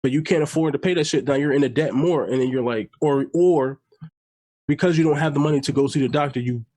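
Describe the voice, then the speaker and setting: A man's voice: a little high, quick pace, dark tone. A young man co-hosting a podcast in casual banter, blunt and profane, repeating himself for emphasis. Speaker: podcast co-host.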